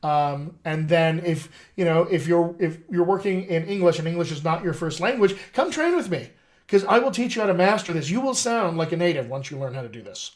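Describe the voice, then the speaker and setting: A man's voice: fairly high pitch, lively intonation, brisk, few pauses. A middle-aged man, a dialect coach, hosting a casual live-stream chat in an upbeat, salesy way and calling his viewers his friends.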